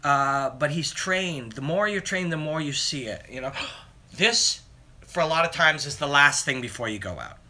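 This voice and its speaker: Man, live-stream fight talk, higher voice, bright tone, phone camera. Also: expressive, moderate pace. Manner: rambling, answers viewer comments as he reads them. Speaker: MMA analyst hosting a live Q and A. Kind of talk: casual live-stream chat.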